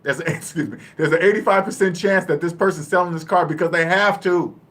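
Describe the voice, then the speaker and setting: A man talking bluntly and casually about money and debt, laughing often and acting out quick little dialogues. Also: sits high, fairly bright tone. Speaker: personal finance vlogger. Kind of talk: casual live-stream talk.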